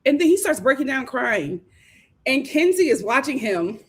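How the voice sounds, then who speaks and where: A woman hosting a live reality show recap, talking dramatically, laughing and mimicking the cast in hushed voices. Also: high voice, big pitch swings, normal speed. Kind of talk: animated live recap commentary.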